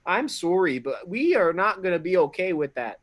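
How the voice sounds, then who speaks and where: A man voicing a brash, mouthy adventurer with a Canadian accent and a blustery, drawn-out delivery. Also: high-pitched, very animated. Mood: blustering.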